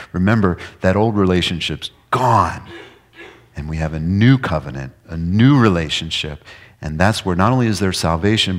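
A middle-aged man preaching a sermon, shifting between emphatic, raised declarations and quiet, hushed passages. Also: deep voice. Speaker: pastor.

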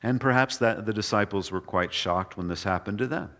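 A man preaching a sermon in an earnest way, going from quiet passages to emphatic ones. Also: lowish voice, brisk. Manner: earnest, swings between soft and emphatic.

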